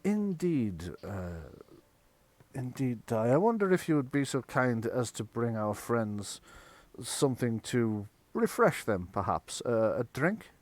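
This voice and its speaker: A man's voice: medium pitch, very animated, slow, a little mellow, no echo. A man voicing a gracious noblewoman, the wife of a tower's master, speaking formally and courteously with small hesitations.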